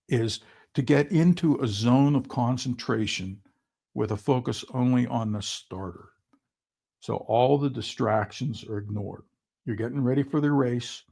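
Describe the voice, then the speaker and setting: Man, swim coach, online seminar presenter, husky tone, halting delivery with many ums. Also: medium pitch, warm tone. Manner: halting, with frequent ums and restarts. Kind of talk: online seminar talk with slides.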